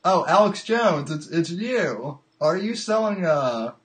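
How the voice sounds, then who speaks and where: Male call-in show host, slow and stammering, laughing at callers. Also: fairly high pitch, big pitch swings, fairly bright tone. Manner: halting, repeats his words, laughs often. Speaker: podcast host. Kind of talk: live call-in show chat.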